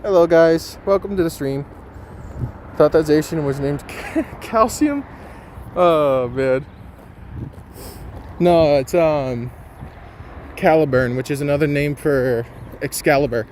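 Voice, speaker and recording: A man's voice: fairly high pitch, a little slow, pauses often, a little mellow, a little hiss or hum. A man hosting a casual live stream, chatting and reading viewer comments aloud with frequent ums.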